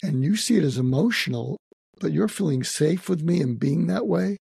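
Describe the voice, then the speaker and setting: An older man talks in a halting, reflective way, often restarting his sentences. His voice is husky and sits in a mellow, low register. The recording is dry and close. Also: animated, dry recording. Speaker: guest psychiatrist. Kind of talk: emotional personal interview talk.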